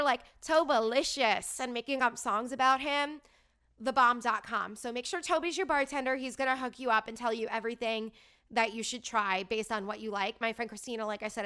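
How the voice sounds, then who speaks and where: A woman's voice: on the high side, sharp tone, clean tone. A woman in her thirties telling a story in a casual, chatty way, gushing and peppering her talk with "like". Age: 30s. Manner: bubbly, gushing, lots of "like".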